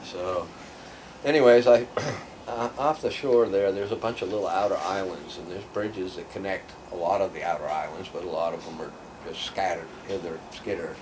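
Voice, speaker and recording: An older man spins a long, rambling story in a low voice, acting out the people he met and dropping almost to a whisper for asides. He sits some way from the microphone, and steady background noise runs under his talk. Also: moderate pace. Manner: acts out voices in his stories, drops to a near whisper for asides. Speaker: storyteller guest. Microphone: far from the mic. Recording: distant mic, audible background noise.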